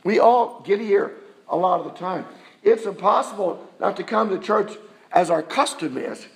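A man's voice: sits high, moderate pace, gravelly. A male pastor giving a conversational sermon in a church, often asking the congregation rhetorical questions.

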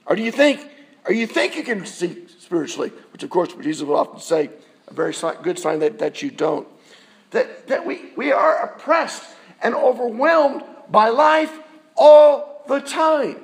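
A man's voice: extremely high pitch, animated, moderate pace, vocal fry. A male pastor giving a conversational sermon in a church, often asking the congregation rhetorical questions.

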